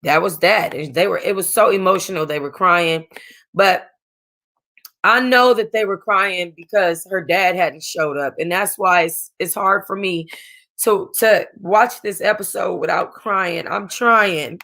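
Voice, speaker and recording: A woman's voice: fairly low pitch, a little slow, pushed and bright. A woman host casually reviewing a reality TV episode, emotional and close to tears, rambling with restarts and slang. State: close to crying. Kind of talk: casual chat.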